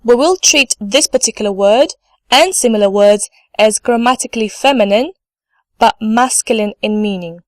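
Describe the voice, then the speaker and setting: In this scripted online lesson, a woman with a fairly high pitch speaks at a normal speed, and there's no room sound. She enunciates carefully, repeats each word twice, and prompts her students to repeat after her.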